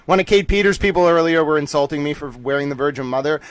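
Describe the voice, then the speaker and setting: A high-pitched man hosts his livestream in a rapid, excitable rant, sometimes breaking into yells. His voice sits close and dry on the mic. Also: no echo. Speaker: livestream host.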